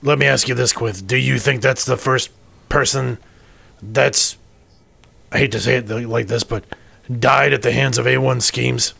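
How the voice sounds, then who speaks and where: A man playing a gravelly, halting starship crewman. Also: medium pitch, fairly even intonation, pushed and bright, dry recording, exaggerated voice. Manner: halting, stammers and restarts. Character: wary male starship crewman, private about his mother. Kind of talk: tabletop role-play.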